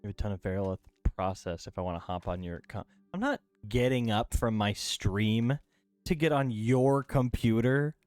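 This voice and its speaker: A man's voice: on the low side, moderate pace, a little mellow, no echo, soft background music. A man streaming a video game from home, chatting casually in a playful, rambling way. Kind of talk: casual gameplay stream chat. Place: home room.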